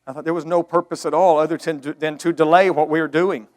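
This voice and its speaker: A man's voice: a little high, steady tone, fast. A middle-aged man preaching a storytelling sermon, earnest and emotional, swelling to emphatic outbursts.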